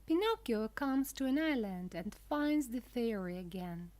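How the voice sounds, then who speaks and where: A woman reads a children's storybook aloud for English learners. Her delivery is very slow and deliberate, and every word is clear. Her voice sits somewhat high. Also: very animated, darkish tone. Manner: clear, deliberate, simple phrasing. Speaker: narrator.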